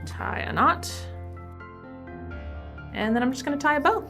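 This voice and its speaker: A woman's voice: high-pitched, expressive, unhurried, creaky. A woman presenting a library teen craft tutorial, explaining each step in a friendly, casual way. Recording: soft background piano music.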